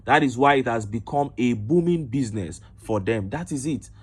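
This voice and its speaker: A man's voice: medium pitch, animated, moderate pace, slightly rough. A man with a Nigerian accent reading news reports and online reactions aloud, breaking in with indignant rhetorical commentary. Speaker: political commentator.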